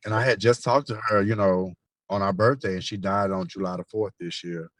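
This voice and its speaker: Man on a phone call, low voice, dry close sound, profane animated gossip. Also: brisk, no echo. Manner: animated storyteller, profane, lively slangy talk. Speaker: best friend on a phone call.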